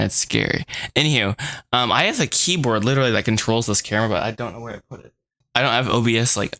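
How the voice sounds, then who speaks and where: A young man vlogging about his animated film in a rambling, chatty, self-deprecating way, speaking into a desk microphone at home. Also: lowish voice, no room sound. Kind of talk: casual work vlog.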